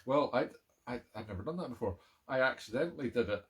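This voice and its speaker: A man's voice: medium pitch, lively intonation, quick pace. Chatty middle-aged Scottish man rambling. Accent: Scottish, Edinburgh. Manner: chatty, self-amused, rambling with many fillers. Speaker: musician hosting a live stream. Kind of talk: casual live-stream chat between tunes. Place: at home. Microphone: home live-stream setup.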